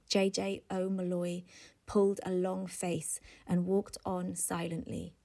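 A woman reading a literary novel aloud in a slow, measured way. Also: fairly low pitch, level tone, creaky, dark tone. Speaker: audiobook reader. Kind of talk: literary audiobook narration.

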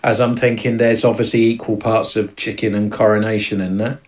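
A man's voice: lowish voice, level tone, brisk, recorded from a distance, a little hiss or hum. Playful, sweary man in comedy chat. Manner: playful, sweary, jokey asides. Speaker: podcast co-host.

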